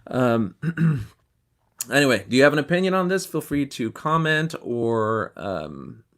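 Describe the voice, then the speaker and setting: Male podcast host, mid-pitched voice, relaxed critical commentary. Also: unhurried. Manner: conversational and critical, with ums and throat-clearing. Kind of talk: casual commentary.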